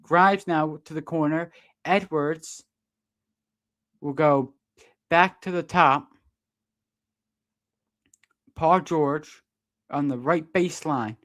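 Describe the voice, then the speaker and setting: A man doing live fan play-by-play of a basketball game, partisan and quick to protest the referees' calls. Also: fairly high pitch, fairly bright tone. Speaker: sports streamer doing play-by-play.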